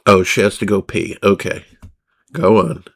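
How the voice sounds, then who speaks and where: A man's voice: deep voice, fairly even intonation, a little slow, vocal fry, fairly bright tone. A man livestreaming in a crude, rambling, profane way, often laughing at himself. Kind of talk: crude casual stream chatter.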